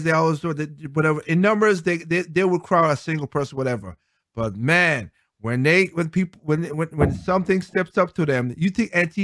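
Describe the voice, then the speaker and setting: A man's voice: fairly high pitch, a bit bright, no room sound. A man hosting a one-man show, rambling casually and laughing often as he reads viewer comments. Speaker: host.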